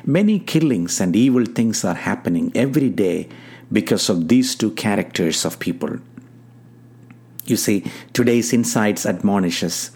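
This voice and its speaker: A man giving an earnest, measured devotional sermon and leading a prayer, addressing listeners as beloved, with slightly non-native phrasing. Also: lowish voice, expressive, a little mellow. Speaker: preacher. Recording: guitar music clearly behind.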